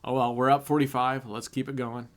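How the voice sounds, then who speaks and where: A man's voice: medium pitch, flat delivery, a little fast. A man chatting casually on a live stream, laughing often and telling jokes between roulette spins. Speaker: casino streamer.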